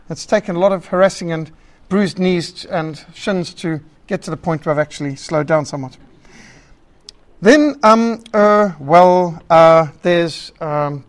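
Guy with a high voice lecturing a church group, punchy, ticks off points one by one. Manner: emphatic, lively, lists points, acts out rambling callers. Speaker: preacher teaching a class on public speaking. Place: meeting hall.

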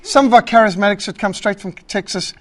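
A man teaching a church group about public speaking, emphatic and lively, listing his points and acting out rambling callers. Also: sits high, fairly quick. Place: meeting hall.

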